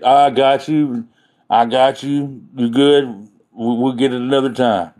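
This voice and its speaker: A man's voice: medium pitch, moderate pace, mellow. A man chatting casually on a live stream, rambling and joking as he talks to his viewers.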